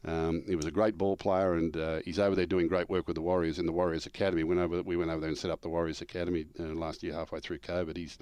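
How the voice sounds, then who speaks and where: Here the former coach, an older man who's a regular on the show, speaks in a smooth, low voice at a quick pace with few pauses. Chatting casually, he acts out quotes animatedly and laughs through punchlines, all in a dry recording.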